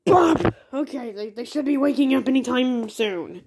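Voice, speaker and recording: A woman's voice: high voice, animated, normal speed, heavy background noise. A woman voicing a scheming wizard turtle in a homemade toy cartoon, speaking plainly.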